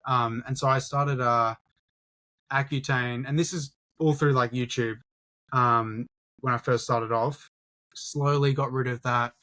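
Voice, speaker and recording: A man's voice: mid-range voice, fairly even intonation, measured pace, pushed and bright. A young man co-hosting a casual podcast, laid-back, swearing often and calling people dude and bro. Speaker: podcast co-host, YouTuber.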